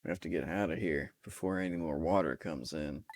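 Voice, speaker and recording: Man reading a caring young woman detective, game dialogue, deep gravelly voice, slow. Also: a little hiss or hum. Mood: concerned.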